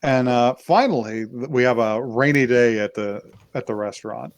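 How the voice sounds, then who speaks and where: A man at a mid-range pitch retells a story in a loose, meandering way, with frequent fillers and little restarts. He dips into quick impressions of the characters as he goes. The sound is dry and close, with no room around it. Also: no room sound. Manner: rambling retelling with many fillers, acting out quoted lines. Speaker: podcast co-host. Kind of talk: casual episode recap.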